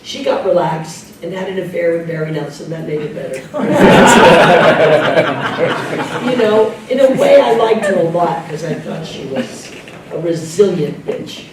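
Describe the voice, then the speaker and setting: Older woman telling animated stories. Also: low-pitched, unhurried, over a noisy crowd. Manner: animated, laughing, mimics others in quotes. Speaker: guest actress. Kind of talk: anecdotal storytelling Q&A. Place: club room with live audience. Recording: echoey room, distant mic, background noise.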